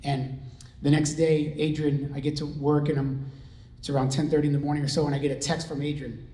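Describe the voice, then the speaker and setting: A man's voice: on the high side, flat delivery, fairly quick, mellow. A middle-aged man giving a personal testimony to an audience, earnest and conversational, with many fillers and restarts. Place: large room with an audience. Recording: echoey room.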